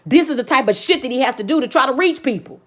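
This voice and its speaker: A woman delivering an impassioned, profanity-heavy rant as a vlogger. She repeats her points emphatically and preaches, swinging between loud outbursts and low, subdued stretches. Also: expressive, quick pace.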